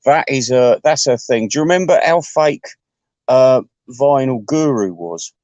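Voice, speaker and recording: A man rambles through a crude comic rant, stumbling into restarts and sudden asides. His voice sits at an ordinary middle pitch. The sound is dry and close, with no room around it. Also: lively intonation, measured pace, darkish tone, dry recording, highs cut off.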